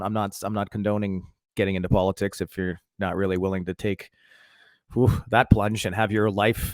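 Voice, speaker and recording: A man's voice: mid-range voice, no echo, studio quality. Rambling man venting on a vlog. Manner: rambling, heavy fillers and restarts, swears, self-mocking. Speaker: vlogger. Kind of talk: casual rambling monologue to viewers.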